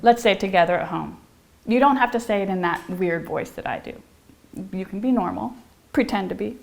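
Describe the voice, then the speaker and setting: Briskly and with a creaky edge, this middle-aged woman teaches piano in a playful, theatrical way. Her medium-pitched voice bubbles through sing-song rhymes and sometimes sinks to a whisper.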